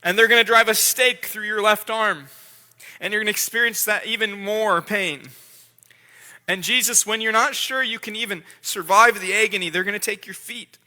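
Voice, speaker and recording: A man's voice: high-pitched, fairly even intonation, normal speed, sharp tone. A pastor voicing God pleading with his son. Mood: grave. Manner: intense, pleading, repeats words. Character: God the Father speaking tenderly to his son. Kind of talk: dramatic sermon role-play. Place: church sanctuary. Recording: long church hall reverb.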